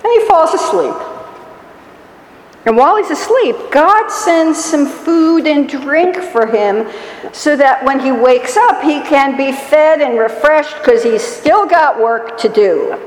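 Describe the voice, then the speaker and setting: Wry slow woman preaching in an echoey hall. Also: fairly high pitch. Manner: wry, storytelling, acts out quotes with mock whining. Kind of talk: sermon. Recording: echoey hall with long reverb.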